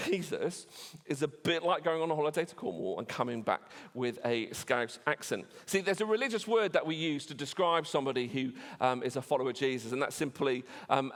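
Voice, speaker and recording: Chatty preacher in a reverberant church. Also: male voice, medium pitch, fairly bright tone. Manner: chatty, storytelling, many fillers and restarts. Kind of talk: sermon.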